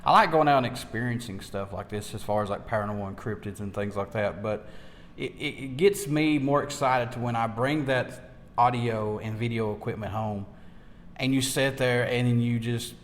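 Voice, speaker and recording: A man who interviews a guest about ghost hunting, speaking in an excitable way and often repeating his words. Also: mid-range voice, moderate pace, a little hiss or hum. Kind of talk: casual interview chat. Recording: room with long reverb.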